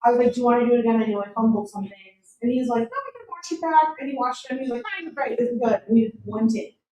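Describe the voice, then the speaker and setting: A woman's voice: fairly high pitch, rapid-fire. A woman, an actress and teacher, chatting casually and acting out quoted dialogue as she tells an anecdote. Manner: animated, acts out quoted dialogue. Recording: echoey room, far from the mic.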